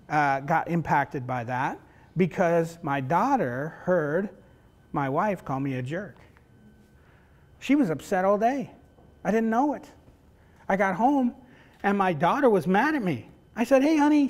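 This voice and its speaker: Lecturing a roomful of facilitators, this middle-aged university professor has a voice that runs high for a man. His talk is conversational and laced with personal stories, as he keeps asking "right?" and plays out family dialogue.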